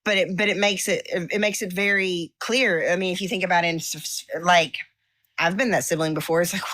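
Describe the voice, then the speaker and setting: A woman leading a casual Bible study discussion, talking in halting bursts with many restarts. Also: fairly low pitch, steady tone, a bit bright. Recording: dry, cleaned-up audio.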